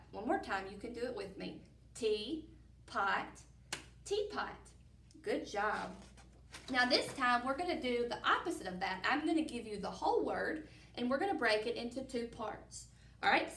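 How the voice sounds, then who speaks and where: A woman kindergarten teacher leads a phonics lesson, slowly sounding out each word for small children. Her voice sits a little high. She is recorded from a distance in an echoey room. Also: fairly bright tone. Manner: slow, drawn-out words with sounds stretched for children.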